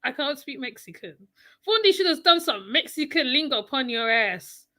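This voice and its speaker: A woman's voice: high voice, very animated, moderate pace, sharp tone. A woman with a West Indian accent giving mocking reaction commentary, scolding and repeating her phrases for emphasis. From West Indies. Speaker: channel host.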